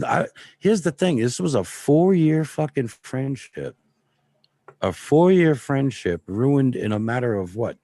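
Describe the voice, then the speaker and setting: A man telling a long story in casual, profane livestream chat, animated and heated. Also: fairly low pitch, no room sound. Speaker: streamer.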